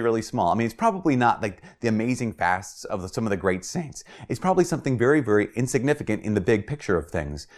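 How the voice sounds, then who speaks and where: A man, a Catholic priest, giving a spoken homily in an earnest, emphatic way, repeating words for stress. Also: medium pitch. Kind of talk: reflective spoken video homily.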